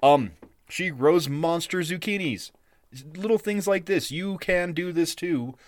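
A man co-hosting a podcast in a rambling, casual chat style, full of fillers and quick laughs. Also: fairly high pitch, no room sound, clean studio sound. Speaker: podcast co-host.

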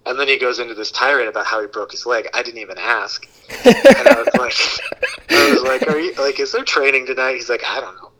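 A man in his thirties, a podcast guest, telling a long story in a casual, animated way and acting out the voices he quotes. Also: medium pitch, quick pace, a crowd in the background, rough recording. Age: 30s.

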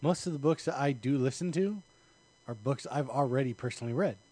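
A man's voice: medium pitch, brisk, a little mellow. A man co-hosting a podcast, blunt and teasing as he argues in casual banter. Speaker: podcast co-host.

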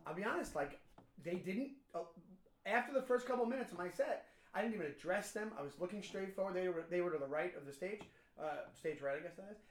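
Fast, high-voiced man telling a story. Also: roomy sound, a little hiss or hum. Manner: animated, swearing, acts out quoted voices. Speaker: podcast co-host, comedian. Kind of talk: casual chat, storytelling.

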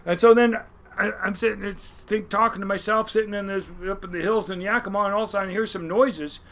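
A middle-aged crab fishing captain with a high voice tells stories in a casual interview. He rambles, swears freely and laughs a lot, with faint noise behind him. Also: fairly even intonation, fast talker, a bit bright. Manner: rambling, profane, laughs often.

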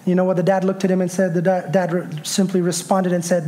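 A man pastor preaching a sermon, emphatic and repeating key phrases, swelling up to shouts. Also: sits high, flat delivery, quick pace, few pauses, slight background noise.

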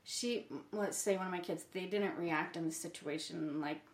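A woman's voice: fairly low pitch, moderate pace. A mother talking in a loose, rambling way with a lot of fillers, as a podcast co-host in casual chat. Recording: echoey room.

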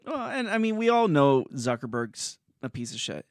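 A man's voice: mid-range voice, sing-song, normal speed, no room sound, studio quality. Man co-hosting with short agreeing replies. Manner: mostly short agreeing replies, with blunt swearing at times. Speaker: co-host. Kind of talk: casual chat.

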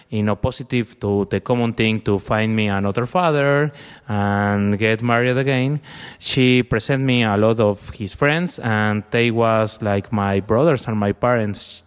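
Brief: young man, clear resonant voice, long reverb, halting storyteller. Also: lowish voice. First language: Spanish. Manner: halting, searching for words in a second language. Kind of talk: personal storytelling in conversation.

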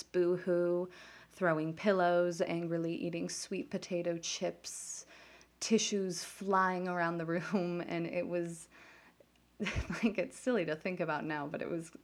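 A woman in her twenties, a podcast host, telling a personal story candidly, often restarting sentences and laughing at herself. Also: on the low side.

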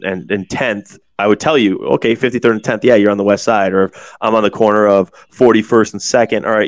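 A man's voice: on the low side, clean tone, no echo. A man in his forties hosting a casual podcast chat, rambling and swearing, with lots of restarts. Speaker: podcast host.

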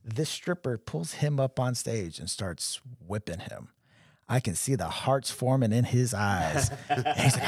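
A man's voice: mid-range voice, expressive, measured pace, darkish tone, breathy edge, dry recording. A young man telling stories in casual podcast chat, acting out quotes in different voices. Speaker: podcast co-host.

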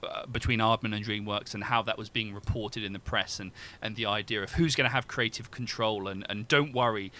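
Bright-voiced rambling male scholar. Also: lowish voice, fairly even intonation, a little fast, few pauses, slight background noise. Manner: rambling, many restarts and fillers. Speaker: guest film scholar. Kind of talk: academic discussion.

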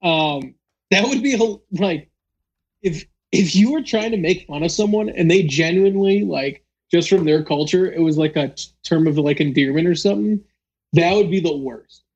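Guy with a high voice hosting a podcast, rambly and chill. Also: moderate pace, a little mellow, highs cut off. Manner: rambling, lots of "like" fillers. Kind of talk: casual chat.

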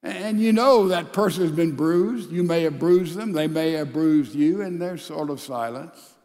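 High-voiced preacher in a reverberant hall. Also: male voice, measured pace, darkish tone. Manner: emphatic preacher acting out couples' quarrels in dialogue. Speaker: pastor. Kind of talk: sermon.

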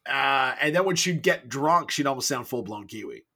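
A man hosting a podcast, chatting in an animated, quick-reacting way. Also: medium pitch. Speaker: podcast host. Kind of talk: casual chat.

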